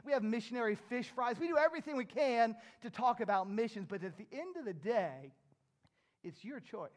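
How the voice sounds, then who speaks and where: A middle-aged pastor delivers a sermon with a high voice for a man. He preaches earnestly, building to emphatic surges. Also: expressive, brisk.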